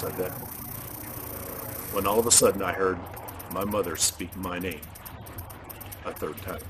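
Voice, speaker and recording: A man speaking earnestly in a religious vlog monologue, halting and stressing words. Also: fairly low pitch, noisy background. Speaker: video host.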